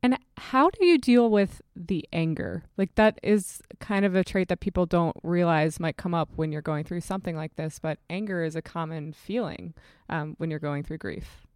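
Woman interviewer, lowish smooth voice, attentive and chatty, close and dry. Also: moderate pace, darkish tone, dry recording. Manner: attentive, conversational. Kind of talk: interview questions.

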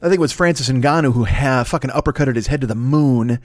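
A man of middle pitch hosts his own podcast alone in a rambling comic monologue. He swears freely and mocks himself. His voice is close and dry, with no room sound. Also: no room sound. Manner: profane, self-mocking, rambling; talks fast, then slows down. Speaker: podcast host.

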